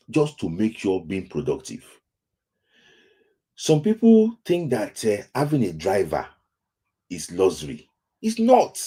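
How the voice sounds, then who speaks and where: Husky Nigerian man, lively pitch. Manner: lamenting, repeats phrases over and over. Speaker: football talk show host. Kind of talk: casual live-stream commentary.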